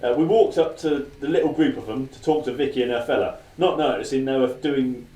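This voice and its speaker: A man in his thirties, hosting a casual chat show and telling self-mocking stories at a quick clip. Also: medium pitch, warm tone. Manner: fast, chatty, self-mocking anecdotes. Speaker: podcast host. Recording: roomy sound from a distant mic.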